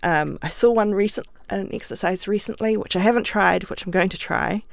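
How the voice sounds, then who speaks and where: Gravelly-voiced New woman, podcast guest. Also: mid-range voice, fairly quick, dry recording. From New Zealand. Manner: thoughtful, chatty, laughs easily, talks with her hands. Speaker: interview guest, author and playwright. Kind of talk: casual conversational interview. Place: podcast studio. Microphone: studio microphone.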